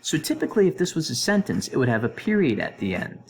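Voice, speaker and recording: A male English teacher talks through a recorded grammar lesson in a voice-over, his pitch sitting in the middle and swinging up and down with lively energy. He speaks to students with animated, playful asides. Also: quick pace, vocal fry.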